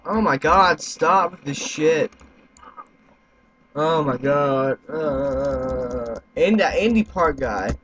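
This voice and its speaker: A young man giving let's-play commentary, excitable, swearing and yelling at other players. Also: a little high, slow, pauses often. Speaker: gaming YouTuber. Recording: slightly muffled with faint noise.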